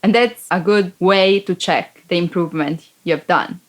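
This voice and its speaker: A woman's voice: fairly low pitch, normal speed. A woman casually giving learning tips, laughing between phrases. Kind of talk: casual advice.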